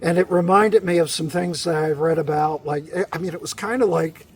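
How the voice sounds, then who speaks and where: High-voiced gravelly man telling tales. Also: a little fast. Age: middle-aged. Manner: animated storyteller, laughs often, many restarts. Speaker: podcast guest, bicycle tourer. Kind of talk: casual storytelling.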